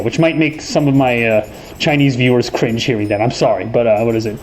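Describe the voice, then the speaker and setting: A man's voice: mid-range voice, brisk, a little mellow, slight background noise, rough recording. A young man from New York hosting a casual chat while playing a game, rambling, self-correcting and swearing freely. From New York, USA. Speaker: host. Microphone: desk microphone.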